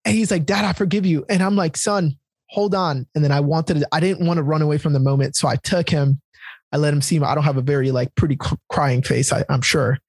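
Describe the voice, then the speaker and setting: Husky earnest man, higher voice. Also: quick pace, no echo. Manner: earnest, confessional, calls listener "bro". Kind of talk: casual heartfelt conversation.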